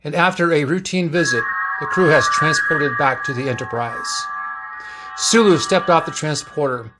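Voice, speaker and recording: A man reading a science-fiction story aloud as narrator, in plain, even storytelling. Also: fairly high pitch, moderate pace, loud music behind the voice.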